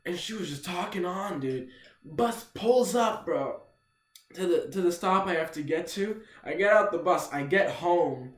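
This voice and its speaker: Young guy telling a storytime, says dude nonstop, kinda high voice, echoey room. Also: animated, measured pace. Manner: rambling, profane, says "dude" constantly. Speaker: vlogger. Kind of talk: casual storytime.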